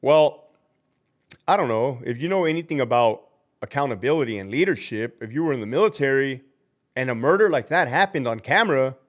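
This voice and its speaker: A man's voice: animated, fairly quick. Fired-up profane man ranting on a livestream. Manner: acts out quoted people with big pitch jumps. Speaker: livestream host and prison guard. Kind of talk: live-stream rant.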